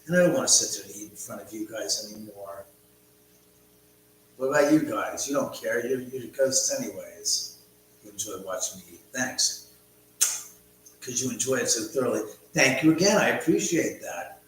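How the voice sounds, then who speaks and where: A man's voice: medium pitch, expressive, moderate pace, a bit bright. A man hosting a casual livestream from his house, rambling and cursing as he chats with viewers. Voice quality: rambling, profane, chatty. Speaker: livestream host. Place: his own house, indoors. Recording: echoey room with hum.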